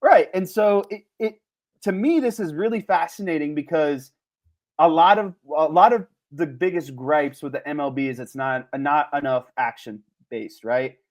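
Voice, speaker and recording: A man co-hosting a podcast in casual sports chat, animated and laughing often. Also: a little high, moderate pace. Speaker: podcast co-host.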